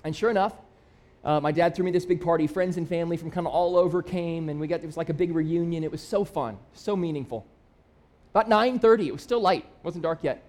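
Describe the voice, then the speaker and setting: High-voiced man preaching a story-led sermon. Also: fairly quick, a little mellow. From Michigan. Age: 30s. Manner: storytelling, conversational and self-deprecating; builds to emphatic, rising appeals. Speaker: pastor.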